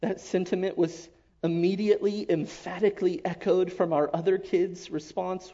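A man giving an emotional personal testimony to his church, earnest and halting, often dropping to a hush. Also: sits high, fairly even intonation. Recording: dull lo-fi recording.

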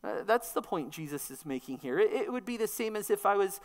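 A woman's voice: medium pitch, lively intonation, fairly quick. A woman preacher delivering a sermon, teaching emphatically and posing rhetorical questions.

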